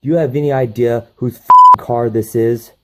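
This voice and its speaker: A man voicing a gruff male chop shop owner who turns nervous and deferential. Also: mid-range voice, expressive, takes it slowly, very noisy, voice pushed up. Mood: angry.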